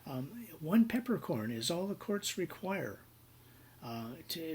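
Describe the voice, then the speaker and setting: A man's voice: on the high side, very animated, slow, a little mellow, a little hiss or hum. A man giving a conversational university lecture on contracts, with many fillers and acted-out examples. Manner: conversational with frequent fillers and role-played examples.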